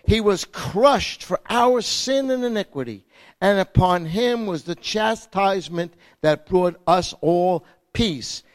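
Dramatic preacher, loud then hushed. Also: male voice, sits high, animated, takes it slowly. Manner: dramatic, swinging from loud emphasis to hushed softness. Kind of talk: sermon with slides.

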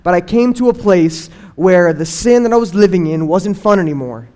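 A young man giving an earnest personal faith testimony, telling his story and acting out what people said in lively bursts. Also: high voice, moderate pace. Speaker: testimony speaker.

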